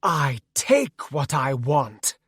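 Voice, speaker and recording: A man voicing a seductive, haughty female demoness queen in a slow, commanding villain voice for an audiobook. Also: mid-range voice, big pitch swings, a bit bright, slightly rough, no echo, clean studio sound, exaggerated voice. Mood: domineering.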